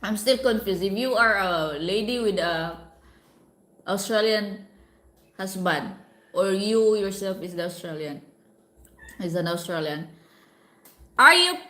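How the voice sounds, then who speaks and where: A woman's voice: medium pitch, expressive, unhurried, pauses often, fairly bright tone, roomy sound. A woman with a Filipino accent from Cebu, hosting a casual livestream from home, chatting and reading viewer comments aloud. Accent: Filipino (Cebuano). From Philippines. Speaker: livestream host. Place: home with pet cats.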